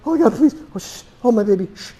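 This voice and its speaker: A man's voice: extremely high pitch, animated, very fast, warm tone, husky, pitched above the performer's own voice, heavily acted. A man putting on a frantic pleading mother. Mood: panicked pleading. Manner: frantic begging, shushing. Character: panicked pleading mother holding a baby.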